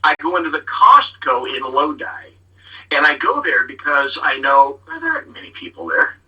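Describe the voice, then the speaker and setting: Bright, husky-voiced middle-aged man telling stories. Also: a little high, very animated, moderate pace, recorded from a distance, poor audio. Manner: rambling storyteller who acts out quotes. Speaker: show host. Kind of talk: casual talk-show chat.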